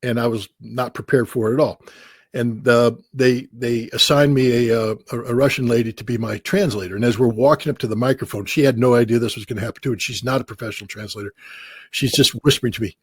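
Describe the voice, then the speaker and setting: A man tells long anecdotes with a wry, self-mocking humor, often breaking into laughter. His voice is husky and mid-pitched, and the recording sounds close and dry. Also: steady tone, fast, no echo. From United States. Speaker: interview guest. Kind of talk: anecdotal storytelling.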